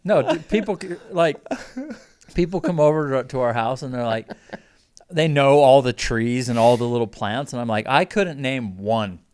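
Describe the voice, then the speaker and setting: A man co-hosting a podcast in casual banter. He jokes about himself and talks in an animated way. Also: medium pitch, moderate pace, clear, resonant tone. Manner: self-deprecating, jokey, animated. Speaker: podcast co-host.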